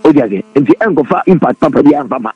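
Radio panelist, male: rapid, animated, repeats himself. Dry, muffled studio audio. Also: medium pitch, breathy edge, no room sound. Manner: fast, excitable, many repeated words. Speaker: radio talk show panelist. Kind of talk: animated political radio discussion.

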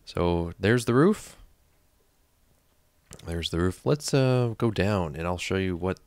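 Gaming host, male, deep with a creaky edge, rambles and mutters to himself. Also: dry recording. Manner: chatty, thinks aloud, mutters counts under his breath. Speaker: let's play host. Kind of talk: casual gameplay commentary.

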